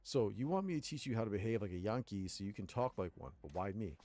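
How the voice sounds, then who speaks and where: A stern, gruff male yakuza who answers bluntly and dryly, as a man reads him out. He sits low in pitch yet swings widely from line to line. Faint game music runs behind. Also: fast talker, close to an everyday voice. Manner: blunt, deadpan.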